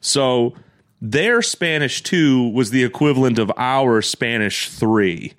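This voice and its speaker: A young man co-hosting a podcast, telling stories in a casual, swearing, animated way and laughing often. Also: medium pitch, slow. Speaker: podcast co-host. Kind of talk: casual storytelling chat.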